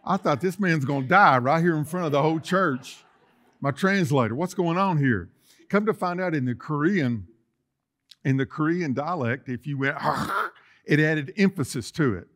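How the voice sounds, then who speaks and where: A middle-aged man preaching a sermon in a church, folksy and joking, building to loud emphatic passages. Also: a little high, moderate pace. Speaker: pastor. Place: church sanctuary.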